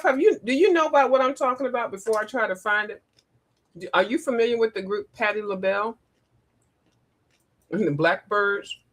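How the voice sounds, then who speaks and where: A woman hosting a casual livestream, animated, laughing often and breaking into sung and mimicked lines. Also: mid-range voice. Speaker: livestream host. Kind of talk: casual live chat.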